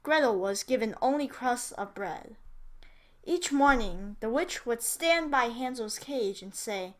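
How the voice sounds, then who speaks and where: Lady reading a storybook slow, high bright voice, for english class. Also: very animated. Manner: slow, clear reading aloud, with small asides.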